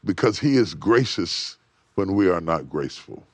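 A middle-aged man preaching on a TV talk show, rising to loud emphatic peaks and dropping to near whispers, repeating his phrases. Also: low-pitched, lively intonation, normal speed, dry recording. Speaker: bishop and guest preacher. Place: TV studio set.

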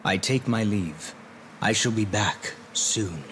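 An actor voicing a devoted young shadow knight in a game, speaking gently, earnestly and formally. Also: male voice, lowish voice, slow pace, background noise. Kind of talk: game voice acting.

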